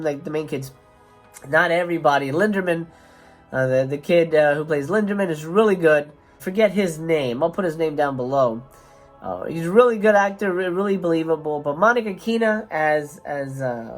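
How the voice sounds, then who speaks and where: A woman hosting a movie review channel, delivering a profane, sarcastic rant in an emphatic, swearing manner. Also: fairly low pitch. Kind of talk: profane ranting film review.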